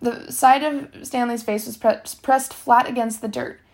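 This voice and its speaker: A woman's voice: on the high side, a little slow. Woman reading a novel aloud, with slips. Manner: steady reading, with slips and self-corrections. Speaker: reader.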